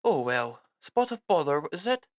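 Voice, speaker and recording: A man's voice: fairly high pitch, sing-song, normal speed, dry recording, pitched above the performer's own voice. A man voicing a jovial, upper-class British army captain with hearty, clipped bluster.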